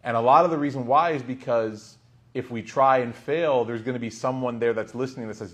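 A man's voice: medium pitch, fairly quick. A man giving a religious lesson in a conversational, storytelling way. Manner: conversational, frequent "like" and "right?". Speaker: Islamic teacher. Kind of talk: lecture storytelling.

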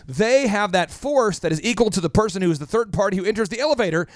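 High, animated man hosting business radio. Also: fast, no echo, clean studio sound. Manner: animated, repeats phrases for emphasis. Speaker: radio show host, business coach. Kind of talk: energetic business talk radio.

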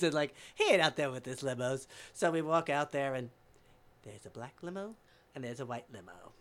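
A man guests on a casual podcast and tells a story with a smart-mouthed, cheeky edge. His pitch sits in the middle but swings widely as he gets animated. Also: normal speed. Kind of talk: casual chat, telling an anecdote.

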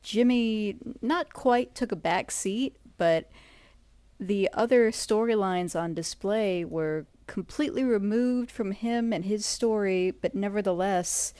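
A woman's voice: mid-range voice, slow, mellow, clean tone, dry recording. A woman in a casual podcast discussion, thoughtful and articulate, speaking in long flowing sentences.

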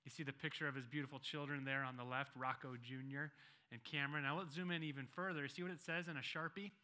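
A male pastor preaching a sermon, reading scripture slowly and stressing key phrases by repeating them. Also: mid-range voice, steady tone, sharp tone. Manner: reads scripture slowly and deliberately.

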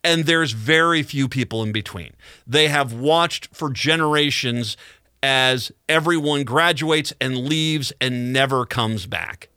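A man hosts a radio talk show in a casual, meandering monologue. His voice is bright and forward. The sound is dry and close to the mic, and he trips over his own phrases and chuckles as he spins out the story. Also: mid-range voice, slow, clear, resonant tone, dry recording. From Midwest United States. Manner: rambling storyteller with frequent restarts and chuckles.

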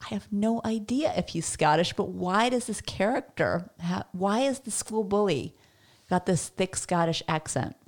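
A woman co-hosting a casual movie podcast, chatty and animated, sharing trivia and opinions. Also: mid-range voice, moderate pace. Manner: chatty, animated, laughs often. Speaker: podcast co-host.

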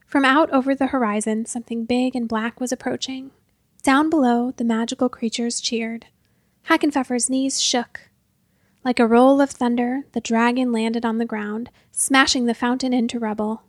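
Storybook narrator, woman, fairly high voice, expressive and measured, dry close sound. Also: no echo.

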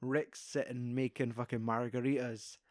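A Scottish man in casual conversation, recapping a film scene by scene with plenty of swearing. His voice sits at a middling pitch and sounds close and dry, with hardly any room around it. He slips into quick impressions of the characters as he goes. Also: little pitch movement, a little mellow, dry recording.

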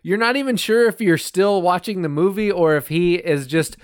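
A man's voice: high voice, moderate pace, clear, resonant tone, no room sound, studio quality. A man co-hosting a podcast, talking bluntly and emphatically about a film. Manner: blunt, emphatic, profane storytelling. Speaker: podcast co-host. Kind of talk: casual podcast chat.

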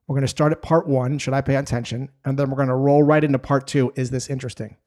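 A man giving a sales lesson in an energetic, emphatic way, telling stories and breaking down steps. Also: medium pitch, fast. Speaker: sales trainer. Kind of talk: instructional talk to camera.

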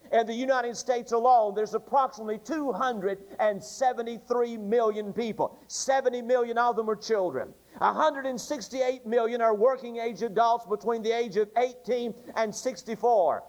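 Brief: male preacher, unusually high voice, repeating cadence, muffled old church recording. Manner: repetitive, rhythmic preaching cadence. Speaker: Baptist preacher. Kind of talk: Sunday morning sermon. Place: church sanctuary. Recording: dull lo-fi archive church tape.

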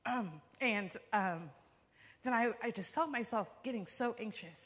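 Young woman, bright and forceful, sharing a storytelling testimony in a reverberant sanctuary. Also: mid-range voice, brisk. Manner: vivid storyteller, frequent fillers like "like" and "um". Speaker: church member giving testimony. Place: church sanctuary. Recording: long reverb of a large hall.

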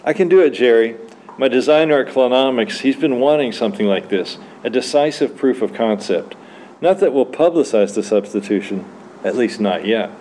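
A man's voice: mid-range voice, expressive, moderate pace, a little mellow, a little hiss or hum, natural voice. A man reading as a smug, slick AI clone. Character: smug, glib male AI clone avatar. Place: church literary evening.

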